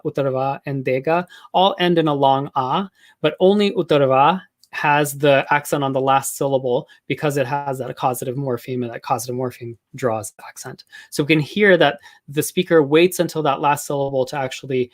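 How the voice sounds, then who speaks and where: A man's voice: a little high, fairly even intonation, normal speed. A man giving an academic linguistics talk, explaining in a casual way with many filler words and small restarts. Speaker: linguistics lecturer.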